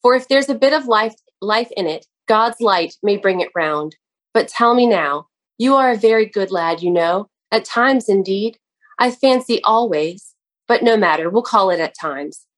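A woman's voice: mid-range voice, animated, normal speed, lightly acted. A woman reading aloud and voicing a kindly male nursery gardener who explains things earnestly to a lad. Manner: earnest, explaining, sometimes exclaiming.

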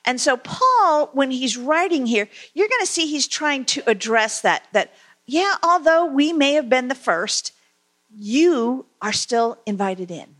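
A woman giving a conversational sermon, asking her listeners questions and reading scripture aloud, with frequent pauses and fillers. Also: sits high, lively intonation, fairly bright tone. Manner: conversational, asks the congregation questions; halting, many fillers. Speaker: preacher.

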